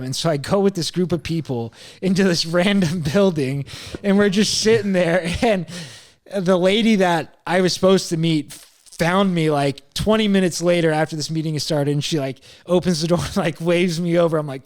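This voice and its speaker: Young male host, slightly high pitch, loose casual storyteller who swears freely. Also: normal speed. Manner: rambling, swears a lot, quotes himself, laughs at himself. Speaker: podcast host.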